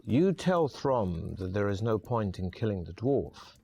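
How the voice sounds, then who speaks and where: Man, game narrator, very low voice, calm scripted storytelling, second person.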